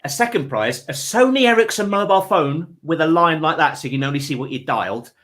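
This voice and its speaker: A man's voice: fairly high pitch, animated, fast talker, fairly bright tone. A man in his thirties hosting a comedy panel show, rambling and self-deprecating with stumbling restarts. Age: 30s.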